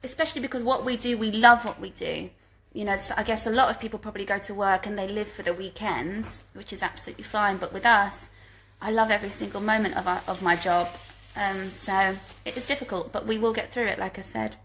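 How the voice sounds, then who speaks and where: A woman's voice: mid-range voice, fairly even intonation, brisk, fairly bright tone, a little hiss or hum, low-quality recording. A woman at home answering viewer questions in a casual livestream, reading each question aloud and then replying in a chatty way. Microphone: phone livestream.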